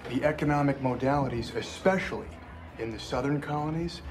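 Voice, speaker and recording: An actor playing a smug young graduate student who talks down to others with showy academic wording. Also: male voice, medium pitch, a little fast, lightly acted. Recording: film audio with music underneath.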